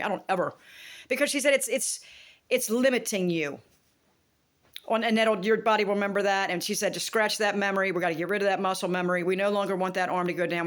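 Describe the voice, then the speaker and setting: A middle-aged woman chatting casually to her viewers, laughing often and acting out bits of dialogue. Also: lowish voice. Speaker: vlogger. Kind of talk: casual vlog chat.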